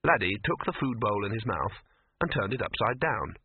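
A man narrating an audiobook in a wry, measured storytelling manner. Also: on the low side, big pitch swings, slightly rough, dry recording. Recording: narrow phone-like audio.

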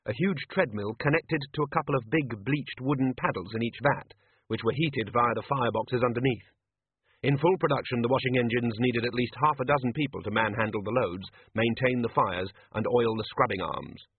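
A man's voice: medium pitch, husky. Man narrating a story, tinny sound. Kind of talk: audiobook narration. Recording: tinny phone-like audio.

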